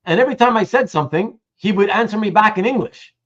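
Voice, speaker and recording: A man's voice: sits high, fast, a bit bright, dull audio. A man hosting a casual livestream, chatting with a guest and reading out viewer comments, with many restarts. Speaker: host.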